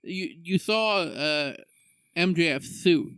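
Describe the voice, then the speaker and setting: A man co-hosting a casual podcast, jumping in with excited asides. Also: on the high side, clear, resonant tone, no echo. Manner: excitable, laughs, adds quick asides. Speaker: podcast co-host.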